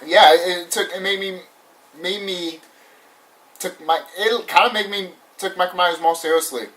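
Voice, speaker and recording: A young man casually ranting through a movie review, animated and repetitive, swearing often and laughing now and then. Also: on the high side. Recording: voice somewhat far from the mic.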